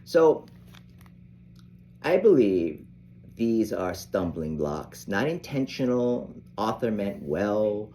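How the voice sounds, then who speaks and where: Older male sax teacher, low voice, slow, rambling with restarts. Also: sing-song, mellow, slight background noise. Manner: unhurried, rambling, with frequent restarts. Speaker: saxophone teacher. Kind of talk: casual instructional talk.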